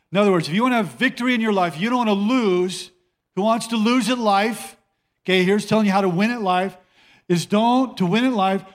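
A male pastor preaching a sermon in a conversational way, repeating phrases for emphasis. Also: high-pitched.

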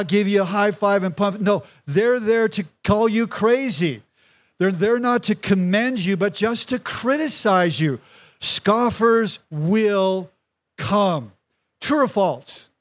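A male pastor preaching a sermon to his congregation, emphatic and repetitive, calling out to the crowd for responses. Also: sits high. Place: church service in a tent.

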